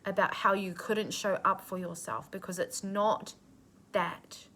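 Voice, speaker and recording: A woman's voice: medium pitch, fairly even intonation, a little slow, bright, forceful tone. A woman giving a channeled spiritual reading, earnest and nurturing, with casual swearing mixed into her affirmations. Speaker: intuitive reader.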